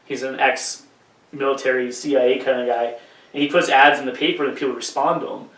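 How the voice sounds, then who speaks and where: A man's voice: medium pitch, steady tone, a little fast, fairly bright tone, distant mic. Profane joking podcast guy, roomy off-mic sound. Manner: profane, jokey storytelling with put-on voices. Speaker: podcast co-host. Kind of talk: casual chat.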